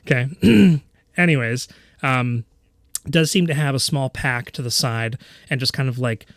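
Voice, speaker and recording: A man's voice: mid-range voice, measured pace, no room sound, clean studio sound. A man narrating a tabletop game as game master, rambling with many fillers and laughing often.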